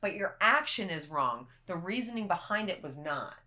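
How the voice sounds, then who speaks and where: Play a young woman talking with a low but bright, forceful voice. Keep it casual and blunt, like you're telling friends a wild story, and let a swear slip out now and then. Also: sing-song, moderate pace. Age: young adult. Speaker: podcast guest.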